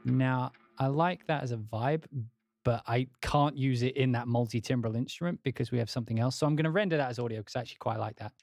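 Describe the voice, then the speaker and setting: Rambling man thinking out loud, dry sound. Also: mid-range voice, fast, creaky, no room sound, soft background music. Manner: rambling, thinking aloud, swears casually. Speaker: composer livestreaming music production. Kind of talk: casual livestream talk while working.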